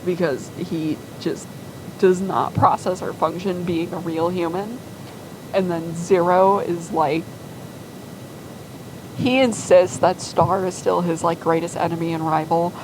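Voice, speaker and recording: A woman's voice: fairly low pitch, a little mellow, a little hiss or hum, rough recording. A woman casually and enthusiastically rambling through her fan-made story timeline with lots of fillers.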